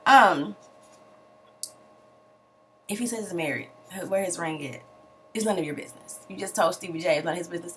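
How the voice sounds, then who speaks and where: A young woman recapping a reality TV episode in a sassy, animated way, full of slangy asides and mock outrage. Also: on the low side, fairly quick, pauses often, a little hiss or hum. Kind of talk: casual recap commentary.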